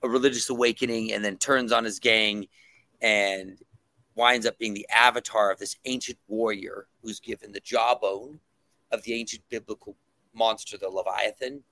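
This comic creator, appearing as a podcast guest, gushes about his project in loose conversation, stumbling through ums and restarts. He speaks at a normal speed in a lowish, bright, pushed voice with fairly even intonation. There's no room sound at all.

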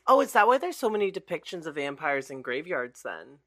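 A woman's voice: low-pitched, big pitch swings, brisk, fairly bright tone. A woman co-hosting a casual podcast, playful and laughing often, trading jokes in a small studio. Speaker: podcast co-host. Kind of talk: casual chat.

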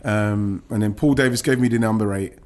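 A man's voice: fairly low pitch, a little fast, a little mellow. A man, a former footballer, recounting his career in an emotional podcast interview, with many restarts and some swearing.

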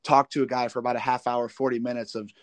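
A man's voice: medium pitch, flat delivery, quick pace, no echo. A man from the Midwest hosting a podcast, asking long rambling questions with many repeats and restarts. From American Midwest. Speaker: podcast host. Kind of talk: casual interview questions.

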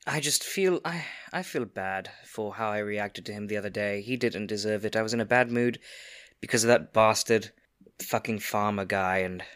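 A man's voice: fairly low pitch, moderate pace, fairly bright tone, no room sound, studio quality. A man playing his character in a tabletop game, speaking plainly and earnestly. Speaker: player. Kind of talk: in-character tabletop role-play.

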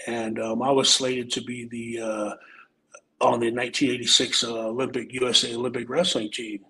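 Gravelly, laid-back man telling stories. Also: mid-range voice, a bit bright, low-quality recording. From Omaha, Nebraska. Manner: laid-back and profane, peppers talk with "man" and "um". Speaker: podcast guest storyteller, former wrestler. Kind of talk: casual storytelling.

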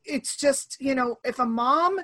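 A woman in her thirties hosting a casual conversation over a remote call, animated and acting out the voices she quotes. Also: sits high, measured pace.

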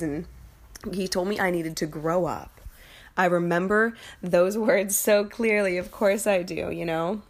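A young woman telling a painful personal story in a candid, emotional way, swearing freely and often halting and restarting. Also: lowish voice, fairly even intonation.

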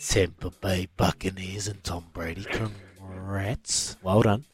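A man's voice: deep voice, fairly even intonation, takes it slowly, husky. A man with a New Zealand accent hosting a radio sports quiz, bantering and teasing callers. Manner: cheeky, teasing, laughs often.

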